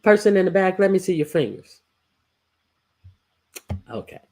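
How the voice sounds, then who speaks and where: A woman's voice: fairly low pitch, very animated, moderate pace, mellow. A woman hosting a casual livestream, chatting loosely with laughing asides. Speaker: livestream host.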